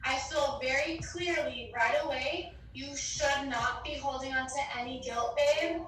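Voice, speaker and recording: High-voiced, echoey woman medium. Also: a little slow, a bit bright. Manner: chatty, affectionate, fills with "like", calls listener babe. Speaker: psychic medium. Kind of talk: casual spoken reading. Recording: echoey and distant with faint noise.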